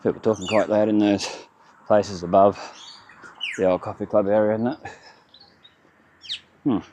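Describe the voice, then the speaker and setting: An Australian man with a fairly low, warm voice gives a rambling walking tour of his town along the streets by a river, chatting in short, self-correcting fragments at a normal pace. His pitch stays fairly flat, and there's a slight hiss or hum in the outdoor recording.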